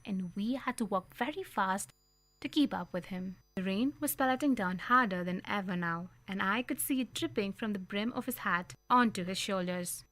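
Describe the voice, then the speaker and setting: A woman reading a storybook aloud on community radio, telling it in an expressive, lively way. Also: mid-range voice, dry recording. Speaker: story reader.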